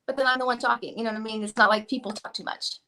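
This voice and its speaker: A woman talks at a quick clip in a slightly high voice, rambling through a casual chat. She pokes fun at herself and acts out little asides along the way. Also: fairly even intonation, bright, forceful tone. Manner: rambling, self-deprecating, quick with acted-out asides. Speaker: guest.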